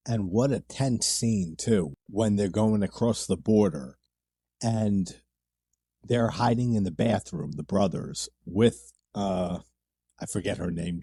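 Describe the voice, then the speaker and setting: Husky low-voiced movie commentator. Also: male voice, warm tone, no room sound, clean studio sound. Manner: enthusiastic, laughs, loose filler-heavy retelling.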